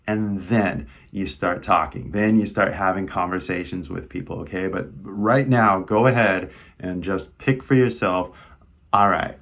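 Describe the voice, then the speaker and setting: A man's voice: sits low, measured pace, vocal fry, hardly any pauses, a bit bright. A young man with a Californian American accent, giving a casual English lesson and talking in a chatty, loose way full of "like" and "right?". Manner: chatty, filler-heavy, lots of "right?" and "like". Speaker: English teacher.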